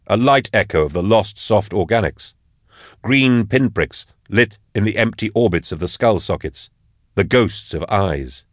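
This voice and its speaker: Male audiobook narrator, low register, dry booth sound, measured delivery. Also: no echo. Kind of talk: scripted narration.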